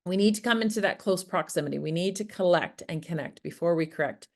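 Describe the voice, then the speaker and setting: A woman's voice: fairly low pitch, fast. A woman presenting an interactive workshop, talking in an engaging way, asking the audience questions and acting out example phrases. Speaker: workshop presenter on farmer wellbeing. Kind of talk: interactive online workshop talk. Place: Prince Edward Island, Canada.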